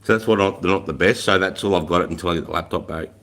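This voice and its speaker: A man's voice: deep voice, very fast, fairly bright tone. A middle-aged Australian man hosting a casual livestream, talking bluntly with plenty of swearing and slang. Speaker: livestream host.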